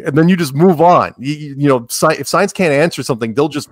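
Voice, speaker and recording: A man talking casually as a podcast guest, rambling with jokes and animated asides. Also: on the high side, a little fast, hardly any pauses, no room sound, studio quality. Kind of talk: casual interview talk.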